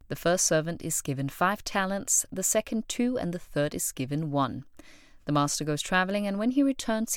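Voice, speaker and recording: A woman's voice: on the low side, dry recording, clean studio sound. A woman hosting a solo motivational podcast, telling stories expressively and acting out the voices of people she quotes. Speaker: podcast host.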